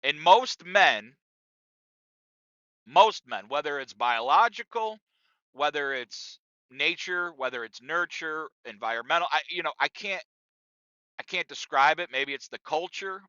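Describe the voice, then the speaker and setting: Middle-aged guy ranting on his podcast, swears a lot, super bright edgy voice, dry kinda muffled recording. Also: a little high, lively intonation, moderate pace, smooth, dry recording. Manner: loose, profane, talks straight to listeners. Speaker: podcast host. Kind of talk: casual monologue.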